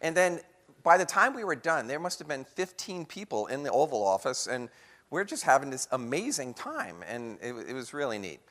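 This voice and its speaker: A man giving a lively storytelling talk to an audience, acting out the voices of people in his story. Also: mid-range voice, moderate pace. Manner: animated storyteller acting out quotes. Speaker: guest speaker. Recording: long hall reverb.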